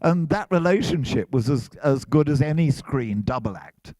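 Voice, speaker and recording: A man's voice: medium pitch, normal speed, no echo. An older man, an actor being interviewed at a fan convention, telling wry behind-the-scenes stories. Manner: animated storyteller, wry. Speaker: actor guest. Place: comic con booth.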